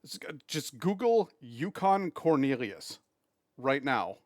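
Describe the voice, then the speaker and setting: Here the Massachusetts streamer's medium-pitched voice is very animated yet slow, with a darkish tone, captured as clean studio sound with no room sound. Chatty while gaming, he reads and responds to chat, often stammering and restarting.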